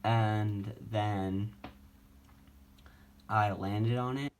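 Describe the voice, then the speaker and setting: A teenage boy tells his own story into the camera from home, in a wheelchair. His voice sits low and he talks slowly. He rambles casually, with lots of fillers and false starts. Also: steady tone, slight background noise. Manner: rambling, halting, many fillers and restarts. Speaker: vlogger.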